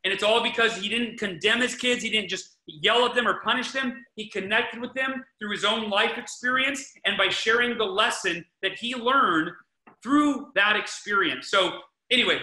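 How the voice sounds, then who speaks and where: Here a man on his podcast hands out informal parenting advice with plenty of energy and emphasis, repeating himself and beginning sentences again. The voice sits high, moves at normal speed, and echoes off the room.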